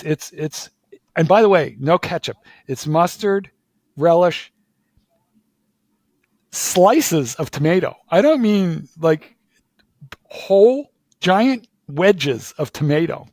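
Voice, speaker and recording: Animated man telling a story. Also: high voice, slow pace, pauses often, no echo. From Philadelphia. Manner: animated storytelling with lots of repeated "like"s and restarts. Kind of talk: casual conversation.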